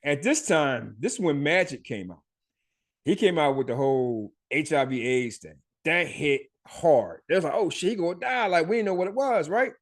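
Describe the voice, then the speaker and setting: A man's voice: on the high side, very animated, normal speed. A middle-aged man hosting a podcast, telling his life story in a loose, profane way, with frequent laughs and many fillers. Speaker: podcast host. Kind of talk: casual storytelling.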